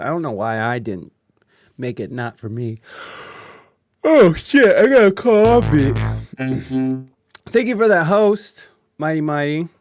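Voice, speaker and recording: A man hosting a live-streamed podcast, chatting casually and venting about technical trouble, swearing and rambling with lots of fillers. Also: medium pitch. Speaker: podcast host. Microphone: video call.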